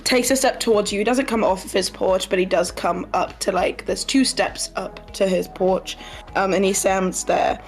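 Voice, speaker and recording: A woman running a tabletop game, describing places and characters in a measured narrating voice at a middling pitch. Soft music plays under her. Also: fairly even intonation, rough recording. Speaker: game master.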